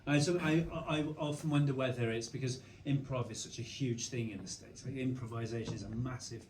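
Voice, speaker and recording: A man shares lively, stumbling anecdotes on a cinema stage in front of an audience. His voice sits at an ordinary pitch. It is heard from the stalls, with the hall's echo around him and a faint hiss underneath. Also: a little fast. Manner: animated anecdotal storyteller, frequent restarts. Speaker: panel guest. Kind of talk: onstage conversation. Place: cinema auditorium before a live audience. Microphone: stage mic recorded from the audience. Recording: roomy hall sound with faint noise.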